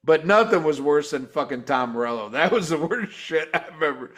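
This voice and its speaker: A man with a high-pitched voice hosts a loose review chat, swearing hard and getting worked up. He talks in bursts of excitement and disbelief. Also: moderate pace. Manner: profane, excitable, mimics guitar sounds. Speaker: show host. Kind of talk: casual live-stream review chat.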